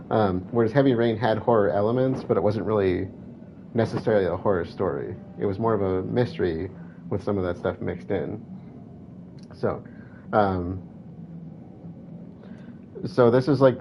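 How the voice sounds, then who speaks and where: A man chatting casually while playing a horror video game, reading game text aloud and correcting himself as he goes. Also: fairly low pitch. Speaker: gameplay commentator. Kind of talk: let's play commentary. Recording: dull lo-fi with faint hiss.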